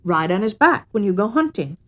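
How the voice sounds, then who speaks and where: A woman's voice: mid-range voice, very animated, a little fast. Storybook cave woman: firm, clever, declaring her terms, slightly raised voice, read by a woman. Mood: proud.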